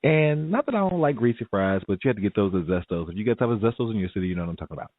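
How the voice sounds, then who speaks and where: A man telling a story in a casual vlog, animated and laughing often, jumping to a higher pitch to act out what people said. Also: racing, no room sound. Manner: animated, laughs often, acts out quoted voices in a high pitch. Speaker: vlogger. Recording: dry, phone-like audio.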